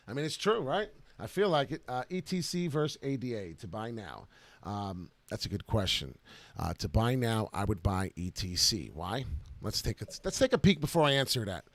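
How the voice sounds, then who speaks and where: A man's voice: fairly low pitch, big pitch swings, normal speed, no room sound. Brash hyped crypto trading guy, dry mic. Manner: hyped, brash, talks over charts while trading live. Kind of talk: live market commentary to viewers.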